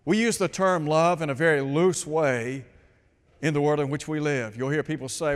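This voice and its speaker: A man's voice: on the high side, big-room sound. A man preaching a sermon, asking his listeners rhetorical questions and quoting scripture. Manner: slow, deliberate, rhetorical questions.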